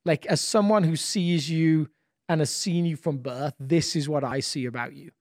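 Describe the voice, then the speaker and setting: Higher-voiced man, dry close podcast mic. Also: normal speed, a little mellow, no echo. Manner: thoughtful, repeats words when starting sentences. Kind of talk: casual podcast conversation.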